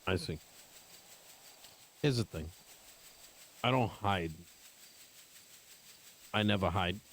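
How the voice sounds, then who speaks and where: A low-voiced man arguing in character in an online roleplay game. His delivery is blunt and confrontational, peppered with profanity. A faint noise sits under the recording. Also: takes it slowly, fairly bright tone. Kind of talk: heated in-character argument.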